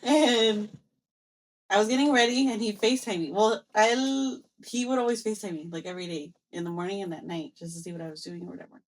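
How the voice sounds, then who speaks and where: A young woman co-hosting a podcast tells a story in a loose, casual way. She acts out both sides of old conversations with lots of back-and-forth energy. Her voice sits in a middle pitch. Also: fast. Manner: animated storyteller, acts out quoted exchanges, mixes in Spanish phrases. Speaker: podcast co-host.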